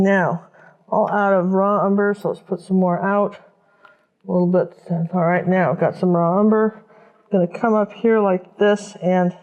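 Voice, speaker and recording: A woman's voice: medium pitch, darkish tone, muffled recording. A woman teaching a step-by-step painting lesson, chatting casually and thinking aloud as she works. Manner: chatty, talks while working, thinks aloud. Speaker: painting instructor.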